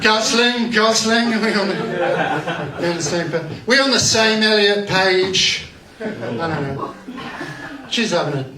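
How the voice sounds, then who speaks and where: A man with a high voice rambles through a crude, self-mocking stand-up set in a comedy club. The sound is echoey and caught from a distance, with a crowd laughing loudly around him. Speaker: stand-up comic. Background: laughing audience.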